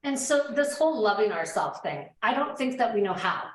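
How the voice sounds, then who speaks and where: A woman's voice: on the high side, animated, brisk. A woman hosting an interview, thoughtful and searching for her words as she talks. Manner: thoughtful, rambling with restarts. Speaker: podcast host. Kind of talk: conversational interview. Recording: roomy echo.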